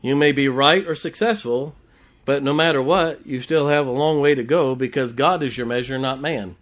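A man's voice: mid-range voice, moderate pace. A male pastor, preaching a sermon with rising, emphatic declarations and playful asides.

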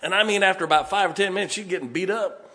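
This fast-talking pastor has a voice that sits high. His sermon is lively and folksy, with jokes and stories, and he turns up the volume for emphasis.

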